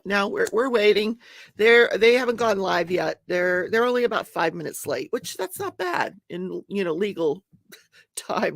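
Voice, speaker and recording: A woman's voice: mid-range voice, animated, unhurried, gravelly, no room sound, clean studio sound. An older woman hosting a casual home livestream, chatting and laughing as she greets viewers by name. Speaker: livestream host.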